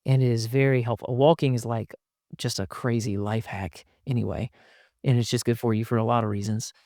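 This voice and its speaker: A podcast host gives advice on a casual show, sounding animated and brisk at a middle pitch. He acts out quoted lines, shifting into different voices as he goes. The recording is dry and close with no echo.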